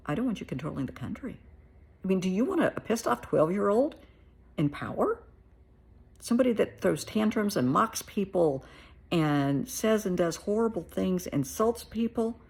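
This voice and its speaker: A woman's voice: fairly low pitch, creaky, darkish tone, husky. A middle-aged American woman therapist giving her blunt, plain-spoken opinions in a casual monologue. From United States.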